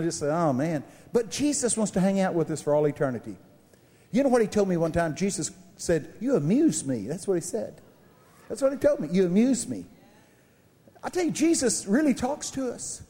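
A man preaching a humorous sermon, animated and joking, swinging between high shouts and low asides. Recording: reverberant hall recording.

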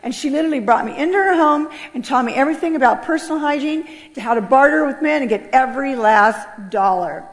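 A woman's voice: high-pitched, expressive, fast talker, few pauses. A middle-aged American woman telling her life story as a personal testimony, earnest and swelling with emotion. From United States. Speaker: speaker giving a testimony. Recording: voice with long hall reverb.

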